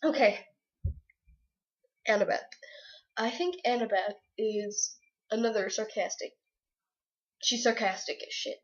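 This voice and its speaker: A woman's voice: medium pitch, measured pace, pauses often, highs cut off. A young woman gushing about a book in a chatty, giggly way. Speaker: book reviewer. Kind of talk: casual book review chat.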